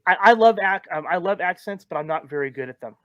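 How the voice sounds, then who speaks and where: A man's voice: high-pitched, animated, fast, a bit bright, no room sound, highs cut off. A man from California hosting a podcast, asking questions in a friendly, affirming way with frequent ums. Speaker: podcast host. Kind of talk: casual interview chat.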